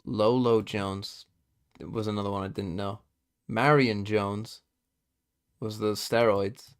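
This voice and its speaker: A man's voice: on the low side, steady tone, slow pace, clear, resonant tone. A young British man streaming, swearing casually as he guesses quiz answers and talks to his chat. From Britain. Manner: swearing, quizzing himself aloud and talking to chat.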